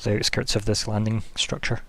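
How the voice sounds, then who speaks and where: A man's voice: fairly low pitch, level tone, a little fast, creaky, a bit bright, no echo. A man narrating a tabletop game as game master, rambling casually with plenty of fillers. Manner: rambling, loose, full of fillers like "kinda" and "like".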